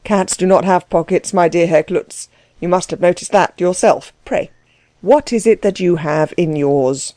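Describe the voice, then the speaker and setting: Woman voicing an unruffled, ironic gentleman. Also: fairly low pitch, no room sound, natural voice. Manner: measured, unruffled, dry irony. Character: calm, dryly ironic gentleman, kind underneath. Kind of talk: audiobook character reading.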